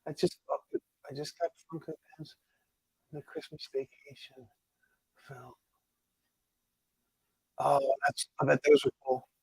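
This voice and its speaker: Chatty husky-voiced man on a live stream. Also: on the high side, little pitch movement, unhurried, pauses often, no echo, poor audio. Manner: chatty, talks to viewers' comments. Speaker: pin collector streaming live. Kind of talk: casual live-stream chat.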